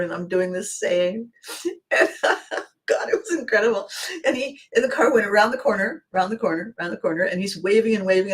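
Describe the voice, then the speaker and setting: A woman hosting a podcast, telling a funny personal anecdote in an animated way and laughing often. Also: mid-range voice. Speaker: podcast host. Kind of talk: storytelling anecdote.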